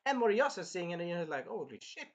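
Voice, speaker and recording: A reviewer excitedly recapping an anime episode, acting out the characters' shrieks and cries and often losing track mid-sentence. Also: medium pitch, very fast. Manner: animated, acts out shrieks and cries; rambling, loses track and restarts.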